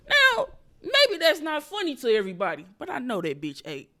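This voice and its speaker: A woman hosting a podcast, telling a story in a casual, profane way and swinging between loud outbursts and low muttered asides. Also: very animated, moderate pace. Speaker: podcast host and comedian.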